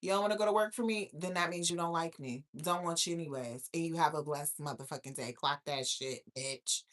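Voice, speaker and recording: In a low-pitched, brisk voice, a young woman hosting her show reacts to viewer comments in casual chatter. She's loud-laughing, brash, and profane throughout.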